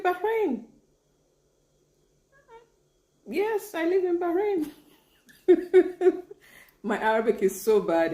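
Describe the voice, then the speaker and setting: Chatty laughing woman in an echoey room. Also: fairly low pitch. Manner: warm, chatty, laughs often, tries out halting Arabic phrases. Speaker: live stream host. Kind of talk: casual live-stream chat reading viewer comments. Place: lives in Bahrain.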